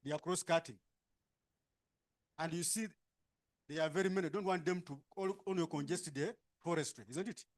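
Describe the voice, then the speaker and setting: A man with a high-pitched voice and a Ugandan English accent leads a workshop session in a conference room. He gives brisk instructions and keeps checking with tag questions. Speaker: workshop facilitator. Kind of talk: directing participants into groups.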